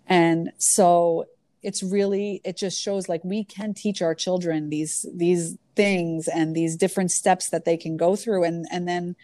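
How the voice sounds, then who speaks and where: Woman in her thirties with a low, dark voice, earnest and searching for words, casual chat. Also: fairly even intonation, a little slow, dry recording. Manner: earnest, storytelling with hesitant fillers. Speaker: yoga teacher. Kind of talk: casual conversation.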